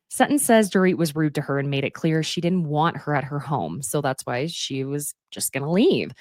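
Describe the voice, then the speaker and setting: Sassy woman recapping a show, lively. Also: low-pitched, no room sound, studio quality. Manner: chatty, sassy asides, acts out quotes. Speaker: podcast recap host. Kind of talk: casual reality TV recap.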